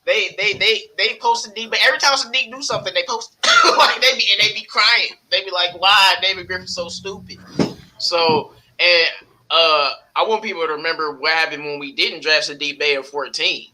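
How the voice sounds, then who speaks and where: Casting: excitable male podcast co-host, very bright voice, slightly high. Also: normal speed, rough recording. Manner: animated, excitable, laughs often. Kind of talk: casual sports talk.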